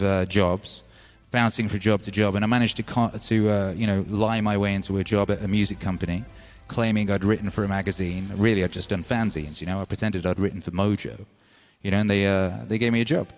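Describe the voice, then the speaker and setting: A man with a British accent hosting a music stream, telling stories in a rambling, casual way full of "you know". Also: on the low side. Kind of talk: casual storytelling.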